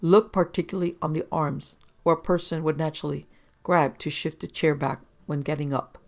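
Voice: medium pitch, fairly even intonation, fairly quick, creaky, lightly acted. A reader voicing a brash, offhand male private detective giving orders. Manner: offhand, cocky. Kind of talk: audiobook reading.

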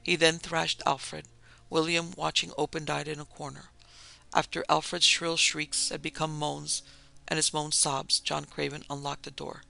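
Brief: man reading a Victorian memoir tale, measured, raspy-gravelly, slightly high. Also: flat delivery, pushed and bright. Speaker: narrator and producer. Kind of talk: storybook narration of a memoir tale.

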